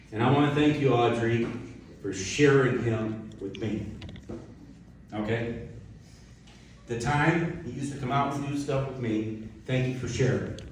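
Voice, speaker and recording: A man delivers a chatty, heartfelt eulogy, turning to speak straight to the widow and the mourners. His voice sits at an ordinary pitch. It is picked up from well back in a big, echoey hall, with a faint hiss behind it. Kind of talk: informal eulogy at a memorial. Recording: echoey hall from a distant mic, faint noise.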